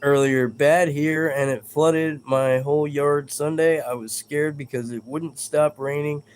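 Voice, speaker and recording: Slow-talking man chatting on a live stream. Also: fairly high pitch, steady tone, a little hiss or hum. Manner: rambling, self-deprecating, stumbles over words. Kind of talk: casual live-stream chat reading viewer comments.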